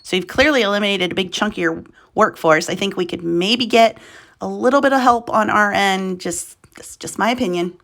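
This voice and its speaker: This is an American woman at a middle pitch, reading marketplace news aloud to her viewers. She keeps breaking from the text with wry, chatty remarks and laughs off her own tongue slips. The sound is a close desk mic. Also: moderate pace, creaky, a bit bright. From United States. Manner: chatty, wry asides, stumbles over words and laughs at herself. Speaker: reseller and channel host.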